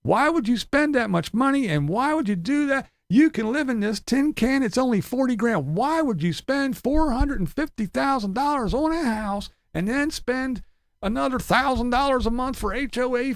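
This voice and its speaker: A man's voice: very high voice, expressive, normal speed, no echo. A man ranting in profane, sarcastic commentary, laughing between his jabs. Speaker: commentary channel host.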